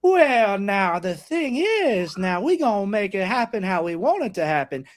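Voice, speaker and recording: A man's voice: big pitch swings, moderate pace. A man voicing a pompous Southern plantation-owner type with a put-on drawling Southern American accent. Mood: scheming. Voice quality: drawling, deep and gravelly.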